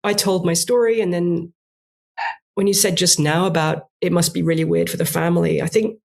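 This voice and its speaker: A woman from England with a polished, posh accent and a gravelly, creaky edge to her voice. She talks loosely in a relaxed interview, with easy laughs and fillers. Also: fairly low pitch, normal speed. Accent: posh English (Cambridge-learned). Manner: chatty, laughs often, hedging fillers. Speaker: author and falconer, guest. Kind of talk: casual interview chat.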